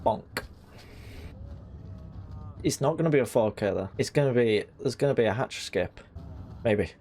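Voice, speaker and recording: A man commentating live gameplay, excitable, swearing and shouting at the game. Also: mid-range voice, normal speed, slight background noise. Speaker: game streamer. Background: game music.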